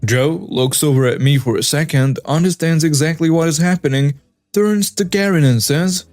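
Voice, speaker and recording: Guy reading a retail drama story, kinda high voice, dry close mic, faint music under. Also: normal speed, darkish tone, no room sound. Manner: wry, conversational storytelling. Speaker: narrator. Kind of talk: scripted story narration. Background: faint background music.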